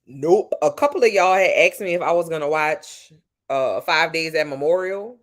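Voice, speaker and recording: A woman's voice: deep voice, normal speed. A woman from Louisiana with a Louisiana accent, chatting casually and playfully with viewers at home on a live stream. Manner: sassy, playful, talks straight to her viewers. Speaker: live streamer answering chat. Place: at home at night.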